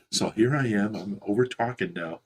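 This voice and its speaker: A man's voice: on the low side, expressive, moderate pace. A man with a Midwestern American accent, co-hosting a fish rescue stream from home, chatting casually and rambling with restarts. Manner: rambling, restarts, laughs at himself. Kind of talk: casual livestream chat. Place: indoors at home.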